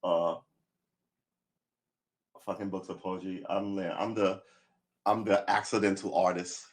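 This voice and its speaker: A man chatting on a live stream, rambling and thinking aloud, gruff and blunt, swearing freely as he talks to himself. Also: deep voice, steady tone, unhurried. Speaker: livestreamer practicing guitar.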